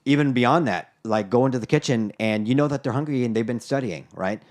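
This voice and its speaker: A man's voice: medium pitch, a little fast, darkish tone. A man co-hosting a podcast, talking casually and telling stories in a reflective way with frequent fillers. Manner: storytelling, reflective, many fillers. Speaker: podcast co-host. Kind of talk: casual chat.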